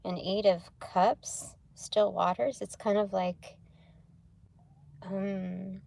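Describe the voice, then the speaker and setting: Young woman, laid-back tarot livestreamer, slow rambling delivery with frequent laughs. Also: mid-range voice, steady tone, gravelly, warm tone. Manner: rambling, laughs often, swears casually. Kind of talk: casual spiritual livestream chat.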